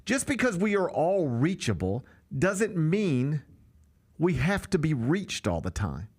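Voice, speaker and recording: A man's voice: fairly high pitch, sing-song, slow, a little mellow, breathy edge. A man hosting a sports talk show, chatting casually and with strong opinions, acting out quotes with big swings in his voice. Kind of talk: casual sports radio chat.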